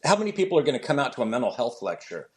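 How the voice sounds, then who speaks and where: Racing along in a medium-pitched voice, a man who does comedy shares animated stories during an interview, performing the voices of the characters he describes.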